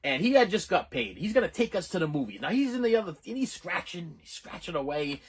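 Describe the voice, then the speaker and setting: A middle-aged channel host tells a rambling personal story to camera, animated and full of restarts. His voice sits high and is slightly rough, and he talks fast.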